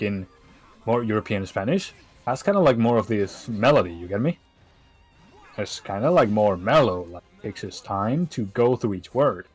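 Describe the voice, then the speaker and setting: A man's voice: fairly low pitch, husky, poor audio. A man chatting casually on a game stream, rambling loosely and leaning on fillers like "you get me". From Chile.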